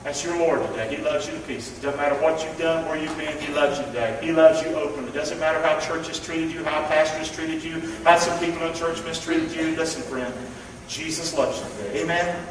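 In a church, a male pastor preaches fervently and calls on the congregation to repeat his words in call-and-response. His voice is fairly high, fairly quick and fairly even in intonation, heard from far off in a noisy, echoey hall.

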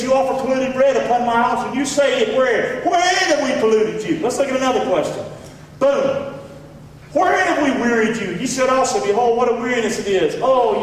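Folksy Southern preacher in an echoey hall. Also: male voice, recorded from a distance, slight background noise. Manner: folksy, swings from loud shouts to low asides. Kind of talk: sermon.

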